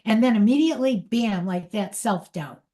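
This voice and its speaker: A woman's voice: a little high, lively intonation, normal speed, mellow. A middle-aged woman leading a spiritual talk, candidly telling a personal story and often laughing at herself between restarts. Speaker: spiritual teacher.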